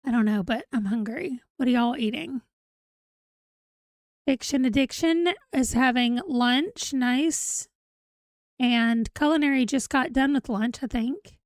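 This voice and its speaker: A chatty woman hosts a casual livestream. She rambles, reads viewer comments aloud, and sounds a little tired. Her voice sits a bit high, recorded close and dry. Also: measured pace, dry recording. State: yawning, tired. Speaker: livestream host.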